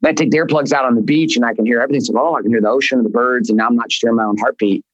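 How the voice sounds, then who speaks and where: A man in an interview, talking in a blunt, rambling way and letting swear words slip. His voice sits at an ordinary middle pitch. It is recorded close and dry, with no room sound. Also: steady tone, very fast, dry recording, lo-fi sound. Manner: blunt, profane, rambling storytelling. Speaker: guest, business coach. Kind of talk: candid interview talk.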